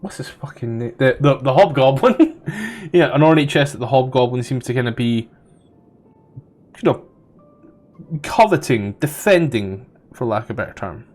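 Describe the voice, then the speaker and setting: A man's voice: mid-range voice, animated, normal speed, a little mellow. Man, game master, casual rambling narration, tabletop game, faint background music. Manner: casual, rambling, swears, loses his place. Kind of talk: running a tabletop game, describing scenes.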